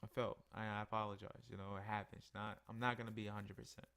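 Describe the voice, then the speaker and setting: Going over his charts in a casual weekly screen-share review, a sleepy forex analyst yawns between points. His voice is fairly low, quick, and clean in tone, and his manner is tired, relaxed, and conversational.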